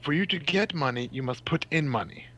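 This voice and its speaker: A man's voice: a little high, lively intonation, fairly quick, fairly bright tone, poor audio. A man voicing an arrogant male German doctor with a German accent, pompous and dismissive.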